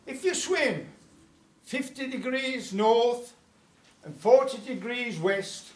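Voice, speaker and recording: A man voicing a clever little fish in a told folk tale, quiet and knowing. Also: very high-pitched, slow pace, voice pushed up. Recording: echoey folk club room.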